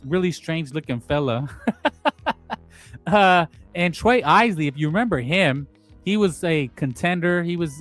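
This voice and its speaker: A man hosts a casual boxing talk livestream in a slightly higher-than-usual voice. He rambles bluntly, trips over restarts and drops crude asides. Faint music plays underneath. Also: a bit bright. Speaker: boxing talk show host.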